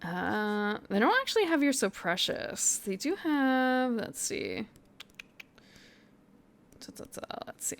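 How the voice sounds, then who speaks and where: Woman streamer thinking out loud. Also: fairly high pitch, big pitch swings, slow pace, gravelly, long pauses. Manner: chatty, thinking aloud, often mutters to herself; sounds out foreign phrases and laughs at herself. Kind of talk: casual live-stream chat.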